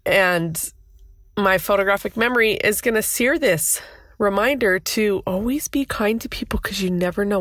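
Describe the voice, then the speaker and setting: A woman's voice: fairly low pitch, vocal fry, husky, dry recording, studio quality. A woman in her thirties hosting a podcast, telling a personal story in an emotional, flustered, rambling way. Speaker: podcast host.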